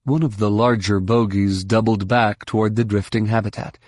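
A man narrates an audiobook from a script in a steady, measured storytelling voice that sits on the low side. The sound is clean studio audio with no room sound.

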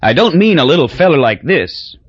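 A man voicing a loud, drunk, blustering middle-aged man in an audiobook reading. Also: a little high, big pitch swings, fairly quick, breathy edge, no echo, muffled recording, pitched above the performer's own voice. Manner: blustering, emphatic.

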